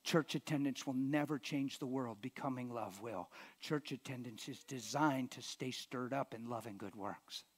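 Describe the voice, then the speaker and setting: A man's voice: mid-range voice, normal speed, hardly any pauses. A male pastor preaching live in a church, with a mid-range voice. He preaches emphatically and sometimes drops to a near-whisper to stress a point. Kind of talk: live sermon.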